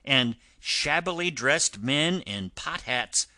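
A man's voice: mid-range voice, lively intonation, slow pace, sharp tone, dry recording, pitched above the performer's own voice, full character voice. A man voicing a stern but kind-hearted engine driver who talks firmly in an audiobook reading. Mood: urgent. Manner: firm, instructing. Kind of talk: audiobook character voice.

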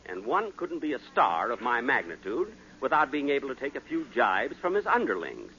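A man's voice: mid-range voice, huge pitch swings, normal speed. A man hosting a radio comedy, playing exasperated and defensive in a 1940s radio acting style. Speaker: comedy show host. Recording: hissy lo-fi 1940s radio broadcast.

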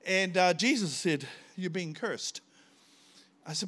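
Older kiwi guy preaching in church, tells stories, gets loud acting them out, slightly higher voice. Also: moderate pace. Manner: storytelling, animated, bursts into shouts when acting out scenes. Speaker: visiting pastor. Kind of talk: sermon.

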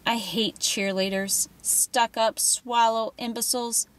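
A woman voicing a cruel teenage girl who taunts and mocks her captive, slow and menacing. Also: on the high side, fairly even intonation, a little hiss or hum. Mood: mocking. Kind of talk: audiobook character voice.

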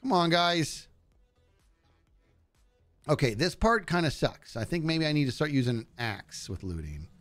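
A man's voice: on the high side, unhurried, long pauses, faint music behind. A man live-streaming a video game, chatting casually and joking at the enemies on screen as he plays. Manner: animated, jokey, talks to game enemies. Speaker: gaming streamer.

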